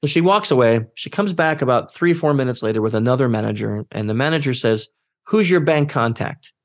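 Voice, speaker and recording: A man telling a story as a guest in a career interview, acting out the dialogue and jumping up in pitch when he quotes people. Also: fast talker. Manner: animated, acts out quoted dialogue with his voice jumping up. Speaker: guest, social engineer.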